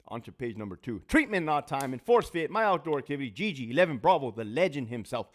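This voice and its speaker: A man's voice: medium pitch, sing-song, fairly quick, hardly any pauses. A man hosting a casual talk show, swearing freely as he tells stories and reads off viewer names. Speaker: host, former prison officer. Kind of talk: casual storytelling monologue.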